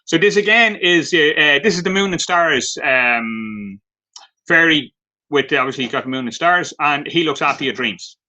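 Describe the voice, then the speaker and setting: On a live video stream, an Irish craft vendor shows off his handmade pieces, telling light-hearted stories packed with fillers. His voice is a little high, expressive, pushed and bright, at a normal speed, and the recording is rough.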